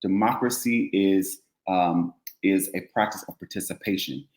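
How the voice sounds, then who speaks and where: A man co-hosts a casual news talk show, speaking with fired-up conviction and hammering home repeated phrases. His voice sits on the low side. The sound carries a roomy echo. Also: normal speed, a little mellow. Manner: impassioned, preachy, repeats phrases for emphasis. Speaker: co-host. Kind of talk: casual news commentary chat.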